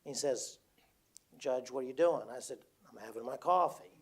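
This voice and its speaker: An older retired man telling a personal story to an audience, halting and repeating words as he quotes others. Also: medium pitch. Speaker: speaker. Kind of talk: storytelling talk.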